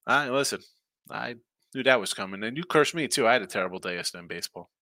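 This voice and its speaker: A man's voice: medium pitch, expressive, quick pace, bright, forceful tone, no echo. A man hosting a sports betting picks live stream, chatting casually, thinking aloud and answering viewer comments. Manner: rambling, thinking aloud, reacting to chat comments.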